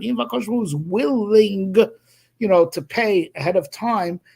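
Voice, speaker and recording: Male rabbi lecturing on a text; raised pitch, gravelly fry, animated and full of restarts. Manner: animated, thinking aloud with many restarts and "you know". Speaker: rabbi teaching Torah. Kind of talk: Torah class, explaining a text.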